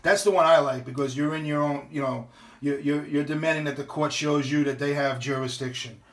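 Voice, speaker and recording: A man's voice: fairly high pitch, steady tone, fairly quick. A middle-aged man, talking in a casual, ranting monologue. He is blunt and profane and keeps restarting his sentences. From New York. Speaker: vlogger.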